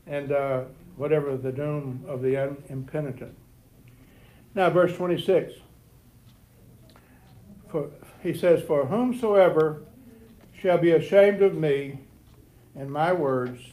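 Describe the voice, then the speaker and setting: A man's voice: a little high, warm tone. A man teaching a Bible lesson to a church class. He often repeats words and restarts, and says he has always stuttered. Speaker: Sunday school teacher. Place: church classroom before a group.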